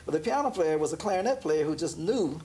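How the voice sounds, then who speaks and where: A man, a jazz pianist being interviewed, telling a story in a relaxed way, laughing often and acting out the voices of the people in it. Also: on the high side, fast talker. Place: room in an apartment.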